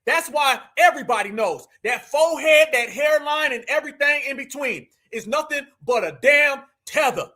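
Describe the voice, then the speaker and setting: A man from the United States hosting a live commentary show, ranting in a loud, mocking way and often shouting. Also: extremely high pitch, expressive, normal speed, few pauses.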